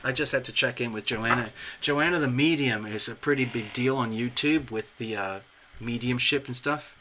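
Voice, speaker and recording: A chatty, excitable man hosts a live tarot reading, talking straight to his viewers and clients. His voice is bright and forward. A faint hiss runs under the stream. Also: medium pitch, moderate pace. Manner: chatty, excitable, laughs often. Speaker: tarot reader, channel host.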